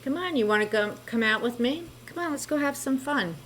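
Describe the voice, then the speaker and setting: A woman's voice: high-pitched, expressive, a little fast, fairly bright tone, a little hiss or hum, voice pushed up. A woman putting on a coaxing, tempting devil. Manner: coaxing, wheedling. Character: tempting playful devil luring someone out.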